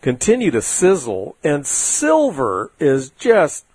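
A man's voice: on the high side, huge pitch swings, slow pace, darkish tone, slightly rough, dry recording. A man hosting an investment talk show, giving casual market commentary in a rambling, folksy way with many fillers.

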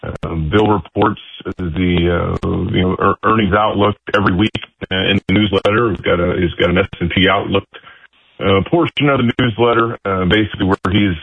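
A man co-hosts a financial radio show in a fairly low voice, stumbling through fillers and restarts. The sound is dry and dull, like lo-fi radio audio. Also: steady tone, gravelly, breathy edge, dry recording. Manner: halting, many fillers and restarts.

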